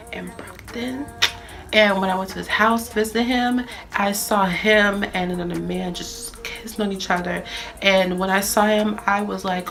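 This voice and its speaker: A woman's voice: medium pitch, pushed and bright. A young woman from the Boston area telling a story casually, chatty and full of fillers and restarts.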